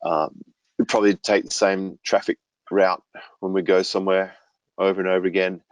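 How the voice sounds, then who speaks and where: Deep-voiced man, relaxed storyteller. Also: normal speed, dry recording, highs cut off. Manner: relaxed, storytelling with homely analogies. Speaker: business coach guest. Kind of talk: conversational podcast interview.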